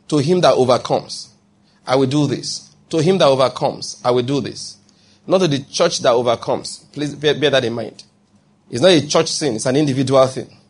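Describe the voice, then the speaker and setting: Pastor guy preaching, slightly high husky voice, keeps asking if you get his point. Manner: conversational preaching, acts out quoted voices, checks listeners often. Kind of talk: sermon.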